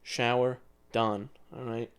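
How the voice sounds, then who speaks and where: A young man in his twenties co-hosts a casual podcast chat. He rambles through his stories with loose, offhand swearing. His voice sits at an ordinary pitch for a man. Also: little pitch movement, slow pace, smooth. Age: 20s. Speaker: podcast co-host.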